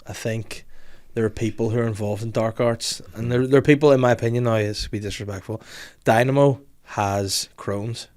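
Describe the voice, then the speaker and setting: A man's voice: mid-range voice, fairly even intonation, moderate pace, a little mellow. A man co-hosting a podcast, rambling through crude jokes with lots of fillers. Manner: rambling, jokey, lots of "like" and "you know". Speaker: podcast co-host. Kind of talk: crude casual banter.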